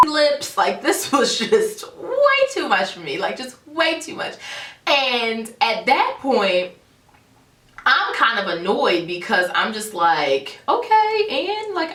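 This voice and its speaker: Young woman vlogger, dramatic storyteller, bright and high, echoey room. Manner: animated, dramatic retelling. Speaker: beauty vlogger. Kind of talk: storytime vlog. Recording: roomy echo, a bit far from the mic.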